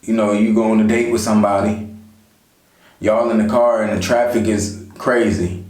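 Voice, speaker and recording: A man's voice: on the low side, little pitch movement, moderate pace, darkish tone. A man vlogging life advice in a casual, conversational way, talking straight to his viewers and often saying "you know". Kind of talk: casual motivational talk to camera. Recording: echoey room.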